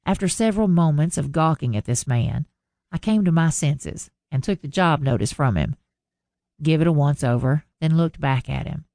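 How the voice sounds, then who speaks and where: Gravelly woman narrating a romance audiobook. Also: low-pitched, moderate pace, mellow, no echo, studio quality. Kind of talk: scripted first-person narration.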